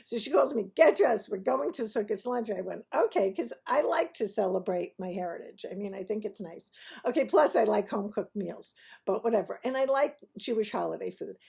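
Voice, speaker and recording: Chatty woman with a gravelly, husky voice. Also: mid-range voice, fairly quick. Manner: chatty and animated, laughing through the story. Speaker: host of a restaurant review TV show. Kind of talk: casual anecdotal storytelling.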